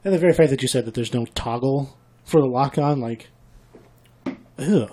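A man's voice: medium pitch, mellow, a little hiss or hum. A man co-hosting a gaming podcast, teasing and chiming in during casual chat. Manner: teasing, quick interjections. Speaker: podcast co-host.

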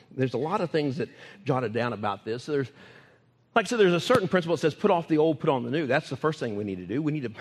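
An older male pastor preaching with a lively, swooping delivery, his voice sitting a bit high and sounding husky. His words ring out into a church with a long, trailing reverb. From United States. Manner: animated preaching, repeating key phrases for emphasis. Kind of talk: sermon. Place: church sanctuary.

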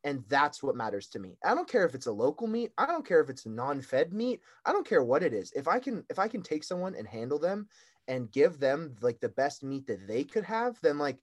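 A man's voice: fairly high pitch, very animated, a little fast. A young man, a guest handler, talking emotionally and rambling with many filler words. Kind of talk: casual chat.

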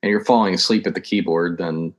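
A man's voice: sits low, steady tone, quick pace. A man on a video call from home, chatting easily as a podcast guest and trailing off at sentence ends. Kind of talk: casual chat over video call.

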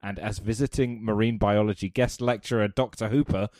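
A man on a casual podcast, playfully rambling through a film pitch with chuckles. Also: fairly even intonation, fairly quick, darkish tone, dry recording, clean studio sound.

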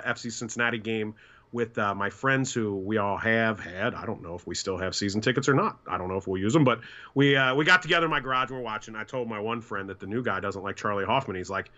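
A man's voice: lowish voice, fairly quick, sharp tone, dull audio. A man co-hosting a casual sports podcast, who tells stories and acts out the voices of the people he quotes. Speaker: podcast co-host.

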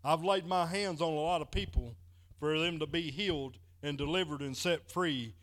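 A man's voice: fairly high pitch, moderate pace, fairly bright tone. Folksy preacher man. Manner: folksy, repeats "he said" while retelling a story. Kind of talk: sermon with storytelling.

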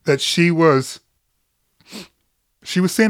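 A middle-aged man, appearing as a podcast guest, tells personal stories candidly and earnestly, laughing easily and swearing casually. His mid-range voice is fairly bright and moderately paced, captured dry with studio quality.

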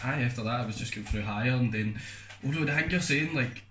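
A man's voice: medium pitch, fast, bright, forceful tone. A young Scottish man, co-hosting a podcast, telling a long rambling story in a loose, casual way. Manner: rambling, loose, fond of "do you know what I mean". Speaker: podcast co-host. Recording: echoey room with faint noise.

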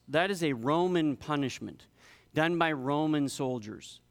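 A man preaching a sermon, building in intensity and slowing down to stress key words. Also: a little high, animated, creaky, big-room sound. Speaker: pastor.

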